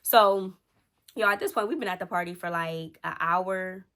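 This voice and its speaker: Casual storytime vlogger, woman in her thirties, animated and direct to camera. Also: fairly low pitch, normal speed. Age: 30s. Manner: chatty, talks straight to viewers, animated retelling.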